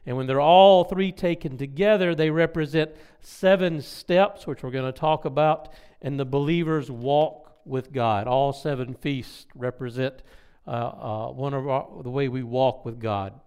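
A man preaching a Bible teaching in an emphatic way, slowing down to stress key words and making asides to his listeners. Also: medium pitch, a little mellow, clean tone. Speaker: pastor teaching a Bible study. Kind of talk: sermon-style Bible teaching.

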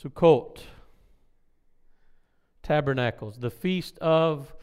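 Emphatic male preacher with a smooth voice. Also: on the high side. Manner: emphatic, slows and stresses key words, asides to the congregation. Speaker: pastor teaching a Bible study. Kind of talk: sermon-style Bible teaching.

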